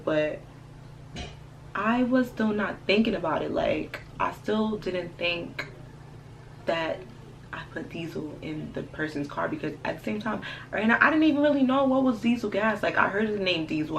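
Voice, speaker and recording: A young woman telling a storytime on her vlog, animated, slangy and profane. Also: lowish voice, vocal fry, slight background noise, low-quality recording. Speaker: vlogger. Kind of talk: casual storytime.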